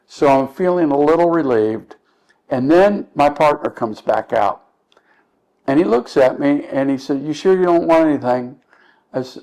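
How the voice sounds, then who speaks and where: A middle-aged man, a street evangelist, telling a personal testimony in an earnest, halting way with many restarts. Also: medium pitch, a little mellow, low-quality recording.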